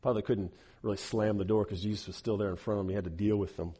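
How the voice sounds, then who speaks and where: A man preaching a sermon, animated, acting out the people he quotes and often repeating words as he goes. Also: fairly low pitch, quick pace, slightly rough. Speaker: pastor. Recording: echoey hall with long reverb.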